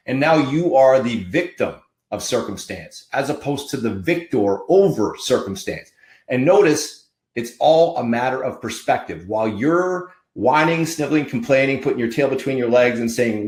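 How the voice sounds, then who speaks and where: A man's voice: medium pitch, moderate pace, reverberant. A man hosting a podcast as a marketing coach, giving a fiery, preachy motivational talk full of punchy repeated slogans.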